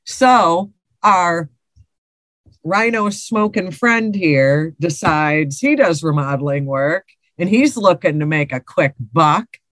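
Chill podcast woman, lowish voice, laughs and swears reading stories, dry mic. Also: expressive, takes it slowly, a bit bright, no room sound. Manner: laughing, swearing, repeats herself. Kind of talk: casual stoner chat, reading stories aloud.

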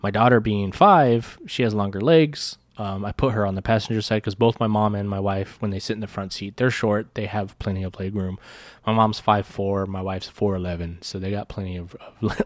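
A man's voice: fairly low pitch, steady tone, a little fast, no echo. A man hosting a podcast, telling a story in a casual monologue. He rambles, swears freely and often restarts his sentences. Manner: rambling, profane, many restarts. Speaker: podcast host.

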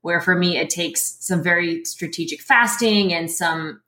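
A woman guest in a casual interview, talking in an animated way and often laughing as she explains. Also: fairly low pitch, unhurried, reverberant.

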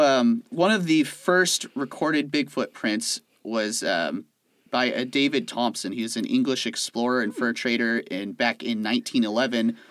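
A man co-hosting a casual podcast chat, laying out facts in a relaxed way with lots of fillers. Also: mid-range voice, no echo. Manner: relaxed, explains facts with many "like"s. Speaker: podcast co-host presenting the topic.

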